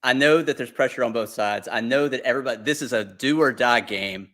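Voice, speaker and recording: A man co-hosting a sports podcast, building a joke from a deadpan run of facts. His voice sits at an everyday pitch, and he talks in a relaxed, conversational way. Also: fairly quick. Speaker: podcast co-host. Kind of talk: casual sports chat.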